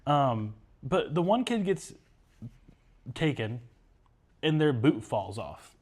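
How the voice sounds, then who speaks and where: A man hosting a podcast in casual chat, rambling and animated as he talks straight to viewers. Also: mid-range voice, takes it slowly, husky. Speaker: podcast host.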